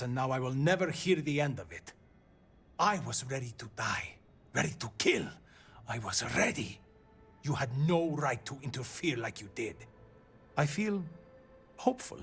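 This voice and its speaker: A gruff, rueful drinker. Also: male voice, medium pitch, a bit bright, full character voice. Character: rough, hard-drinking male brother, proud. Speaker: game character. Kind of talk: video game voice acting.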